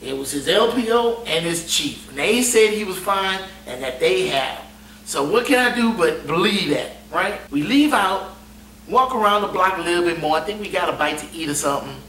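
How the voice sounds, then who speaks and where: A man tells a story with a lively, swooping voice, cursing freely and laughing often. He sits back from the mic in an echoey room, with a faint hum underneath. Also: high voice, moderate pace. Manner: animated, profane, laughs often. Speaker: navy veteran storyteller. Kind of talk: casual storytelling. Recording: roomy echo, distant mic, faint hum.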